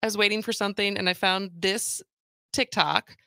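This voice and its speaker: Bright-voiced woman radio talk host. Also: mid-range voice, normal speed, vocal fry, no echo, clean studio sound. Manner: energetic, speaks to listeners directly. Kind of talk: radio talk show chat.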